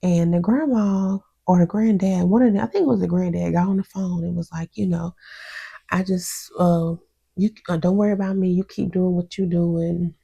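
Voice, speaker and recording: A woman's voice: fairly low pitch, moderate pace, creaky, slightly rough. A woman reviewing a reality show episode in a casual, outspoken vlog, full of slang and laughter, acting out what others said. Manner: chatty and animated, quotes others with mimicry.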